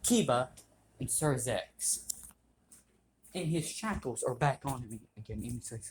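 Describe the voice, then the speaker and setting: A man's voice: medium pitch, animated, a little slow, slight background noise. A man casually narrating an improvised story, rambling, swearing and correcting himself.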